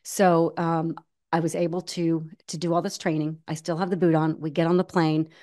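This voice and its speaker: A woman in her forties telling a personal story in a casual interview, animated, with many restarts. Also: deep voice, moderate pace. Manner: animated, many restarts, acts out quoted voices. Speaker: guest, ultramarathon runner.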